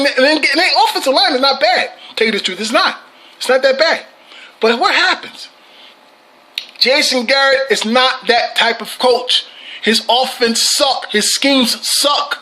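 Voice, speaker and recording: A man's voice: very high voice, bright, forceful tone. A man hosting a fan channel, ranting about his team with heavy profanity, frequent repeats and laughter.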